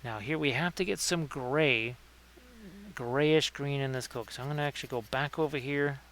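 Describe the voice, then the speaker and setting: A man's voice: mid-range voice, moderate pace, a bit bright, slight background noise. A man hosting a casual livestream painting tutorial, chatting with viewers by name between painting tips. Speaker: miniature painting streamer.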